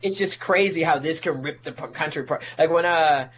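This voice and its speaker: Male stand-up, profane ranting guest, slightly high voice, dull lo-fi mic, faint hum behind. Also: fairly quick, fairly bright tone. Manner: profane, ranting, mocks people in put-on voices. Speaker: comedian guest. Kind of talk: casual podcast chat.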